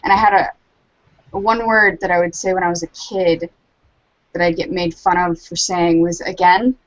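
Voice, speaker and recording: A woman's voice: lowish voice, flat delivery, normal speed, dull audio. A woman from Charleston chatting casually on a podcast, rambling with lots of likes and ums. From Charleston, South Carolina, US. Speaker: guest artist.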